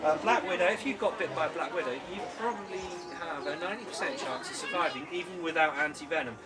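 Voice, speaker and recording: A man's voice: a little high, fast. A man presenting spiders at an outdoor bug show, chatty and jokey as he explains facts to the people around him. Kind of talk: informal public talk. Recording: distant voice over loud crowd.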